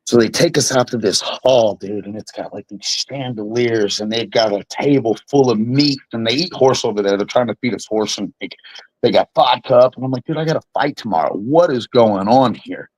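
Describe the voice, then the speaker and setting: A man's voice: medium pitch, a little fast, slightly rough, no room sound, rough recording. Man telling a wild story, dry sound. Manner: animated, profane storytelling. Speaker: bare-knuckle fighter guest. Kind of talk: casual storytelling interview.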